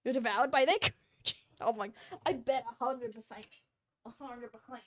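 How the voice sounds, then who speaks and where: Australian woman, young adult, VTuber streamer, casual reaction chat, blunt, profane, giggly, somewhat high-pitched. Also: normal speed. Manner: blunt, profane, laughs often.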